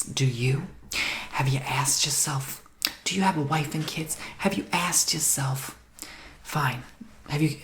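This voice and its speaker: A man's voice: mid-range voice, fairly bright tone, a little hiss or hum. A man whispering in a role-play as a brash, pushy saleswoman in disguise who calls the listener darling and honey.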